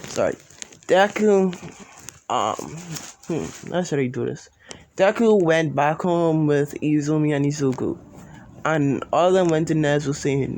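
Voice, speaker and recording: A man with a slightly high voice improvises a fan-fiction story into a phone, sometimes from a distance. He rambles, restarts sentences and corrects himself often. The delivery is loose and casual. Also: lively intonation, unhurried, darkish tone, a little hiss or hum. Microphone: phone, sometimes far from it.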